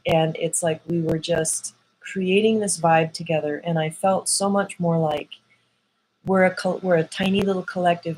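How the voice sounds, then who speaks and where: A woman's voice: on the low side, a little mellow, a little hiss or hum, low-quality recording. A woman vlogger telling an emotional personal story to camera, acting out the voices of people she quotes.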